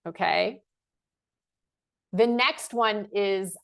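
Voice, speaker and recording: A woman at an ordinary, middle pitch who hosts a motivational talk. She repeats affirmations slowly and with weight, then slips into casual, self-mocking asides. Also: creaky. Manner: slow, emphatic repetition of affirmations; laughs and self-corrects casually. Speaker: life coach host.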